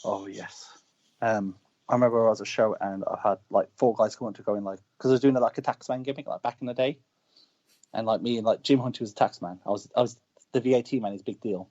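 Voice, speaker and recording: A husky-voiced man, a wrestler, talks brashly and boastfully about riling up crowds. His voice sits in the middle of the male range, and the audio is dull and lo-fi. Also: fairly low pitch, fast talker, a little mellow. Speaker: wrestler guest. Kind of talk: casual interview chat.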